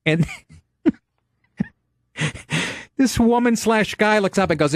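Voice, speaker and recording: A man's voice: fairly high pitch, measured pace, pauses often, dry recording, studio quality. Brash, profane middle-aged male comedian. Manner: brash, profane storytelling, animated. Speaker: podcast host, comedian. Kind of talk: casual podcast chat.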